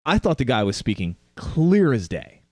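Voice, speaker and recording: A man's voice: medium pitch, sing-song, normal speed, darkish tone, no echo. A man in casual podcast chat, telling a rambling story with quoted asides.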